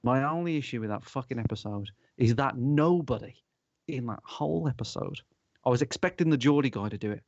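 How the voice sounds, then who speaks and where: A man, hosting a podcast in casual chat, animated, sweary and rambling. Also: medium pitch, a little fast, no echo. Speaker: podcast host. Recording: dull lo-fi sound.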